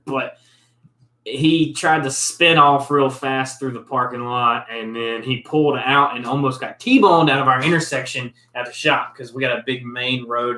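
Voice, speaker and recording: A man speaks in a bright, forceful voice as he vents about a customer, rambling and blunt. His words echo through a roomy space. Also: mid-range voice. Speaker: show host, car mechanic. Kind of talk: casual storytelling rant.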